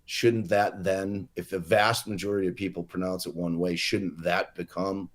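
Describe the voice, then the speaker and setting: A man with a fairly low voice talks in loose, unscripted podcast banter. He tells a long, meandering story with lots of fillers and restarts, and he swears freely. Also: level tone, normal speed. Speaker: podcast co-host, lawyer.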